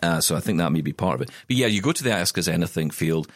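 A man's voice: low-pitched, animated, rapid-fire, no room sound, clean studio sound. A man co-hosting a podcast, chatting casually and telling rambling stories full of asides. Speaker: podcast co-host. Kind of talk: casual chat.

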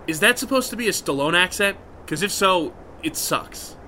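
A man voicing a high-strung young man who talks in an exasperated, excitable, snappy way in a comedy skit. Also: moderate pace, a little hiss or hum, exaggerated voice. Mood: urgent.

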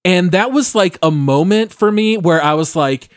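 A man's voice: high-pitched, lively intonation, normal speed, smooth, dry recording, studio quality. A man co-hosting a gaming podcast, casually walking through a memory step by step. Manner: descriptive, step-by-step explainer. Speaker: podcast co-host. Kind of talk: casual chat.

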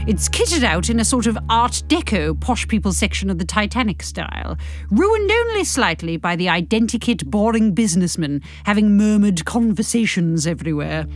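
A woman hosting a show and reading an audiobook aloud in a wry, expressive way. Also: mid-range voice. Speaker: host and audiobook reader.

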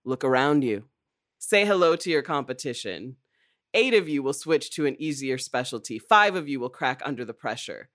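A man's voice: medium pitch, expressive, moderate pace, fairly bright tone, no room sound, clean studio sound, lightly acted. A man reading a stern senior surgeon's speech to interns with an emphatic, stagey delivery.

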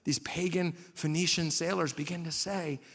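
A man delivers a sermon with a light, high-pitched voice, asking his listeners question after question and slipping in wry jokes. His words ring out with a long reverb, as in a large hall. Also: steady tone, moderate pace, gravelly, fairly bright tone, slightly rough. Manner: conversational preaching with rhetorical questions and humor. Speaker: pastor.

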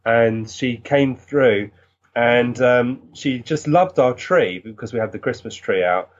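Male guest, earnest animated storyteller, mid pitch, lo-fi dull audio. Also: slow. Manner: earnest, animated, recounting with many restarts. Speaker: guest, physical medium. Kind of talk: storytelling in conversation.

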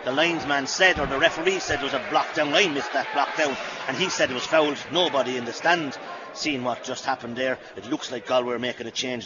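An Irish man doing live radio commentary on a match, rapid, and shouting at the big plays. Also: mid-range voice, noisy background. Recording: lo-fi radio broadcast with loud crowd. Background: loud stadium crowd.

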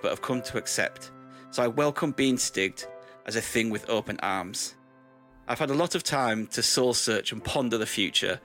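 A man, a podcast host, reading a mock-solemn comic apology with theatrical flair. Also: medium pitch. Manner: theatrical, mock-solemn, building to loud whoops. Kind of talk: scripted comic apology over music. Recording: faint music behind.

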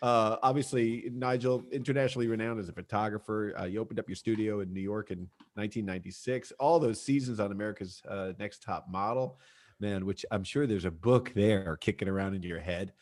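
Male host, lowish pitch, energetic joker, casual chat. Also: a little fast. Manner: joking, energetic, loose with filler words. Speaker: podcast host.

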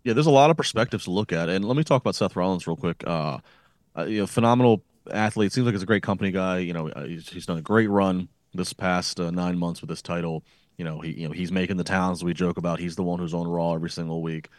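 A man's voice: deep voice, quick pace, a little mellow, dry recording, studio quality. A man co-hosting a wrestling podcast, thinking aloud in casual chat with frequent restarts. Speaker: podcast co-host.

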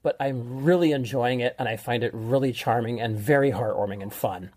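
A middle-aged man co-hosts a casual podcast, rambling enthusiastically through a recommendation. His voice is husky at a medium pitch. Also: a little fast, darkish tone. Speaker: podcast co-host, film recommender. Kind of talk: casual chat.

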